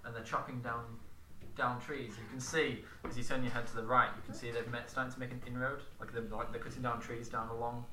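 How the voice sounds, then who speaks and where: A man's voice: mid-range voice, little pitch movement, fast, roomy sound, far from the mic, noisy background. A man running a tabletop game as game master, narrating with lots of fillers and restarts. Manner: rambling, hesitant narration full of fillers.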